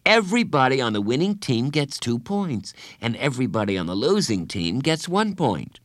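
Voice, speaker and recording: A man's voice: medium pitch, big pitch swings, moderate pace, no room sound, studio quality, lightly acted. A man voicing Judy, an insistent, bossy young girl in a children's storybook who keeps cutting in. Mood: bossy, eager. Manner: insistent, talks over her friend.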